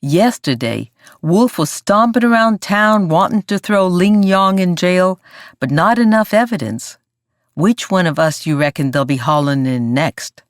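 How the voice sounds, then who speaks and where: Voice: mid-range voice, animated, unhurried, no room sound, clean studio sound, close to an everyday voice. A narrator voicing a wry grown male mountain laborer with a drawl and folksy talk. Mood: uneasy.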